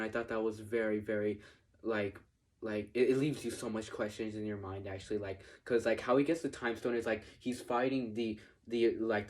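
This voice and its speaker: A man giving a casual spoken movie review, talking in a hesitant, rambling way with lots of restarts and the odd swear word. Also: fairly low pitch.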